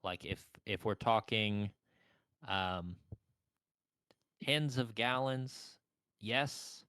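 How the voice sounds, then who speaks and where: A young man serves as game master, speaking slowly and haltingly, full of fillers and restarts. His voice sits a little low, and the sound is dry and close, with no room around it. He narrates the scene in an easy, unhurried way. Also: pushed and bright, clear, resonant tone, no room sound. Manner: slow, hesitant, filler-heavy.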